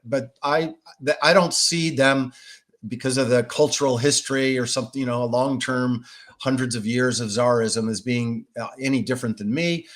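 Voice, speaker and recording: A man's voice: medium pitch, a bit bright. A man being interviewed as a Russia expert, answering at length in a thoughtful, conversational way with frequent restarts.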